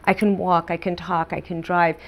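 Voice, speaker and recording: A woman's voice: fairly low pitch, little pitch movement, moderate pace. A woman author as a guest on a talk show, chatting casually and acting out her own inner voice.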